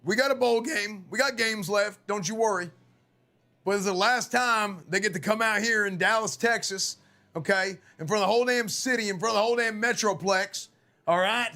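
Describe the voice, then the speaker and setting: Hoarse guy yelling coach pep talk on stream, high bright voice, swears a lot. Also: normal speed, soft background music. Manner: loud, profane, rallying. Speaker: streamer playing a football coach. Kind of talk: mock locker-room pep talk, live gaming stream.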